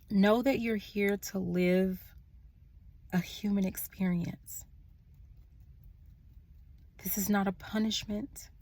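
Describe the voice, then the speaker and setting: A woman in an indoor room delivering a channeled spiritual message into a phone, speaking softly and earnestly, sometimes dropping to a hush. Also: medium pitch, fairly even intonation, no room sound. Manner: slow, soft-spoken and earnest, trailing into hushed tones.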